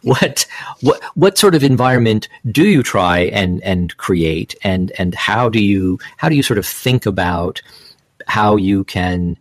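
A man hosting an interview, asking long questions haltingly and repeating words as he gathers his thoughts. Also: on the low side, expressive, no room sound. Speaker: interviewer, podcast host. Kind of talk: conversational interview.

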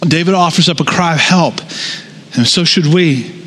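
A man preaching a sermon as a pastor, reading scripture aloud and breaking into casual, animated asides. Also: fairly high pitch, fairly quick, slightly rough.

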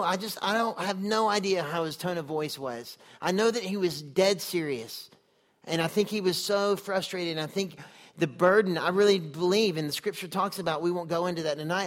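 A male preacher with a fairly high voice gives a sermon. He talks in an earnest, conversational way and keeps turning questions back to his listeners. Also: a bit bright. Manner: earnest, conversational, asks the audience many questions.

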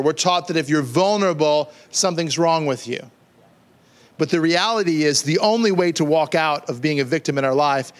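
A middle-aged man preaching a sermon as pastor, conversational and joking, often repeating words as he builds a point. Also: a little high.

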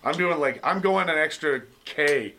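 A man's voice: on the high side, lively intonation, moderate pace, crowd noise. A young man hosting a podcast in a laid-back, joking chat, swearing freely and laughing often. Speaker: podcast host. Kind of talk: casual chat.

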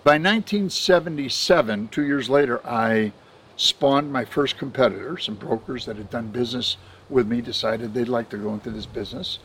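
An older man recalls his early years in the benefits business in a relaxed, anecdotal way, slipping into the voices of people he met. His voice sits at an ordinary middle pitch. A faint hiss of background noise runs under the recording. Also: normal speed, rough recording. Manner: anecdotal, chuckles often, quotes others in dialogue. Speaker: benefits administrator telling his career story. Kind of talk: casual storytelling interview.

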